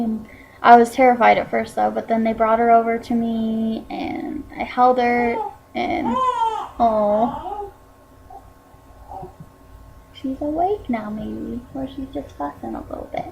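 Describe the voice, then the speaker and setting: A teenage woman chats casually to her camera, telling a personal story with plenty of "like" and "um". Her voice sits a little high and drags into a gravelly fry at the ends of phrases. A faint hiss sits under the recording. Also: unhurried, pauses often, lo-fi sound. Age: teens. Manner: chatty, full of "like" and "um" fillers. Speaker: vlogger.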